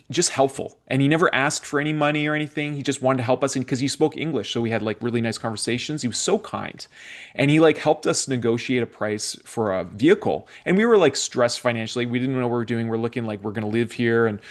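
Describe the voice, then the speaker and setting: A young adult Canadian man hosts a spiritual podcast in a casual, conversational interview, telling stories in a rambling way full of fillers and restarts. His voice is mid-range, and he speaks a little fast.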